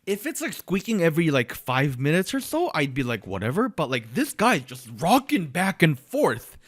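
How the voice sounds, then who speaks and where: A man's voice: on the high side, moderate pace, no room sound, clean studio sound. A young man co-hosting a podcast, telling a long story in casual chat, full of fillers and restarts, and acting out the people he quotes. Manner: animated, many fillers and restarts, acts out quotes. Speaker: podcast co-host.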